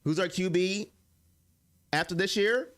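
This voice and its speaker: Speaking in a high, fairly bright voice at an unhurried pace, a young man runs a sports live stream. He talks emotionally and casually with his viewers, addressing his chat directly.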